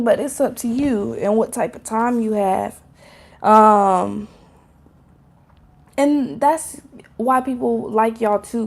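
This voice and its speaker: A woman reads tarot cards for her viewers in a relaxed, rambling way. Her voice sits a little high and has a gravelly edge of vocal fry. She fills her talk with "like" and "um" and swears now and then. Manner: chatty and loose, with frequent fillers, laughter and casual swearing; talks straight to viewers as "y'all". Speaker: tarot card reader. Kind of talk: casual pick-a-card tarot reading.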